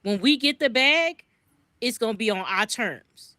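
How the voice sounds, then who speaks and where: A woman from the US East Coast delivers fervent podcast commentary. Her voice is bright and sharp, pitched a little high, and she stumbles over repeated words as her feelings build. The sound is close and dry. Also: lively intonation, measured pace, no echo. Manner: fervent, repeats words when worked up, swears freely. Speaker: podcast co-host. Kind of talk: impassioned commentary.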